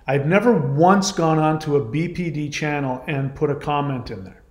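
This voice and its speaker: A man's voice: a little high, normal speed. A man hosting a channel, delivering a monologue in reply to a viewer comment, emphatic and argumentative, repeating his points. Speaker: channel host. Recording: echoey room.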